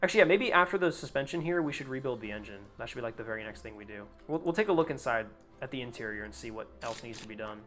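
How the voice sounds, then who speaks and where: A man's voice: mid-range voice, lively intonation, very fast, fairly bright tone, soft background music. A young man chatting casually on a live game stream, rambling, swearing freely and laughing at his own jokes.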